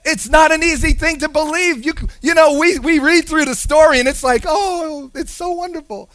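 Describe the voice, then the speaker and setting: High-voiced preacher with a sing-song lilt. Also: male voice, brisk, no room sound. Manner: animated, swings from hushed to loud, sing-song emphasis. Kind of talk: sermon.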